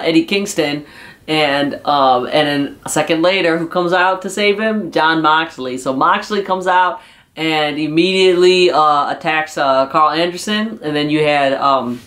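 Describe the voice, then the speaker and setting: A chatty YouTuber retells a wrestling episode in a loose, unscripted way, full of fillers and restarts. The voice sits in a middle pitch, and the delivery stays casual throughout. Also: a bit bright. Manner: chatty, many fillers and restarts, often laughing. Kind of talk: casual spoken recap.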